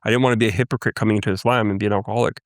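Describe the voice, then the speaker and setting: Low-voiced man telling his story earnestly. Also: fairly even intonation, no echo, studio quality. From Canada, First Nations Cree. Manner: earnest, halting storytelling with restarts. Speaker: guest. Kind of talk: personal testimony in interview.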